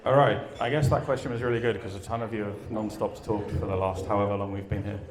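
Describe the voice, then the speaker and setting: A man speaking at a live event, telling a story and asking his audience questions in an energetic way, then taking questions. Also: fairly low pitch, fast, crowd noise. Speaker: conference speaker. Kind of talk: live talk and Q and A.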